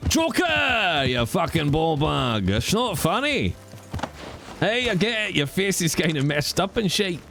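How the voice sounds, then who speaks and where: A man doing a brash, sweary Batman with a put-on Scottish accent, pitched high above a normal voice and swinging wildly up and down. He blusters and curses like an angry man down the pub. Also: big pitch swings, unhurried, gravelly, bright, forceful tone, a little hiss or hum, full character voice. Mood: blustering.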